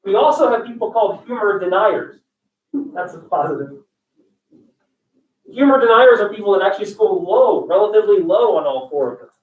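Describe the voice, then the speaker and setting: A man's voice: sits high, animated, a little fast. A male college instructor giving a classroom lecture, joking and going off on tangents while quizzing his students. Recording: echoey classroom, distant dull mic.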